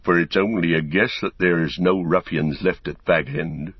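A man's voice: low voice, steady tone, normal speed, breathy edge, dry recording. A man voicing a sturdy older male hobbit farmer in a storybook reading, speaking plainly and cautiously. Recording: dull, dry recording.

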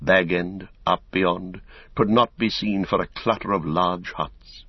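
A man narrating an audiobook in a steady, measured reading. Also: low-pitched, dry recording. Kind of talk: scripted narration. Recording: dull, dry recording.

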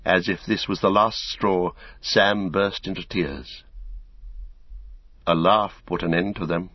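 A man narrating an audiobook in a steady, measured reading. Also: low voice, no echo. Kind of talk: scripted narration. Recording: dull, dry recording.

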